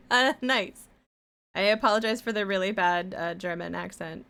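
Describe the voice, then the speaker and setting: A woman chatting away on a live art stream, rambling from one thought to the next while she works. Her voice sits at an ordinary middle pitch, and now and then she hums a little tune under her breath or drops a casual swear. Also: a little slow, creaky, sharp tone, clean tone.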